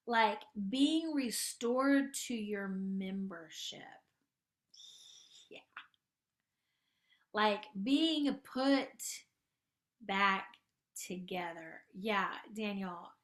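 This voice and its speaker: Slow, gentle woman coaching with a raised voice. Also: sits high. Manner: soft and tender, drawing words out, sometimes dropping to a hushed near-whisper. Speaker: host and spiritual life coach. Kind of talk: gentle spiritual coaching talk and guided meditation.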